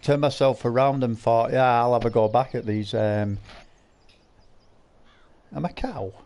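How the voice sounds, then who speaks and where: A man's voice: medium pitch, fairly even intonation, unhurried, a little mellow. A man commentating a live farming game stream, teasing viewers with crude, laughing banter. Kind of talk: live gameplay commentary, reading chat.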